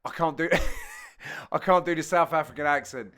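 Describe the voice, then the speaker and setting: A man hosting and giving jokey, self-mocking commentary over amateur match highlights, with sudden loud exclamations. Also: moderate pace, clear, resonant tone. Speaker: host and commentator.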